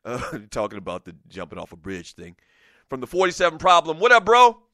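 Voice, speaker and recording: A man hosting a casual sports talk show, animated, often laughing and reading listener messages aloud. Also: medium pitch, brisk, no room sound, studio quality.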